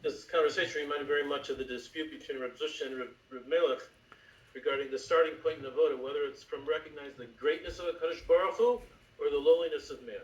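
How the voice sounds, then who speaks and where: A man in a class discussion, halting and searching for his words. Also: fairly high pitch, fairly even intonation, far from the mic. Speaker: class participant. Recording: dull, roomy, from off mic.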